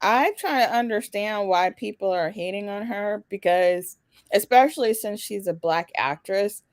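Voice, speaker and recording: A woman co-hosting a casual podcast chat, frank and quick to laugh. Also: medium pitch, no room sound. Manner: frank, laughs a lot, short backchannels. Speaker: podcast co-host.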